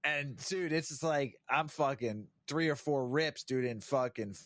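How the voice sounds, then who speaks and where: A man co-hosting a podcast in casual chat, rambling and swearing constantly, laughing loudly at his own stories on a studio mic. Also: mid-range voice, a little slow, no echo. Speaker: podcast co-host.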